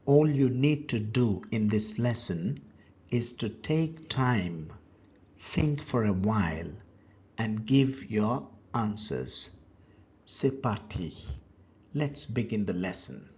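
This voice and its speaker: Very slow, patient male language teacher. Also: lowish voice, animated, husky. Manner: very slow, patient, pausing for learner answers. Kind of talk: slow step-by-step language lesson. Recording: dull lo-fi recording.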